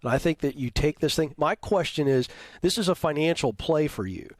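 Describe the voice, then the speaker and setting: A man giving career advice to a caller on a radio show, calm and coaching as he asks probing questions. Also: on the high side, brisk, dry recording. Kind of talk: call-in advice.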